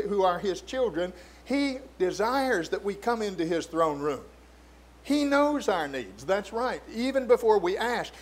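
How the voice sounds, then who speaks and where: A man's voice: sits high, sing-song, measured pace. A man preaching a sermon, putting many questions to his listeners and slipping in playful asides. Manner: asks many questions of the congregation, mock-humorous asides. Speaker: pastor.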